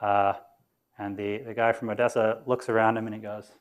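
A man's voice: fairly low pitch, little pitch movement, fairly quick. A man lecturing on physics to students in a lecture room, informal and explanatory, thinking aloud as he goes. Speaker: university lecturer.

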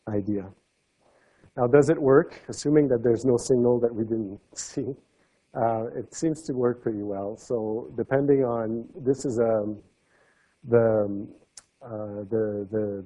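A man giving an academic seminar talk, explaining step by step and letting his voice drop softly at the ends of phrases. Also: mid-range voice, low-quality recording. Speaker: lecturer.

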